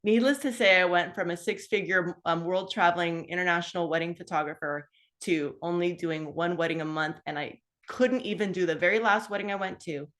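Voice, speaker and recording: A woman in her fifties with a slightly low voice tells her own story in a loose, conversational way. She talks with lots of asides and fillers and brings her memories to life as she goes. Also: fairly quick. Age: 50s. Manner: animated, acts out her own past dialogue; chatty, with many fillers and asides. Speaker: guest sharing a health story. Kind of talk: casual personal storytelling.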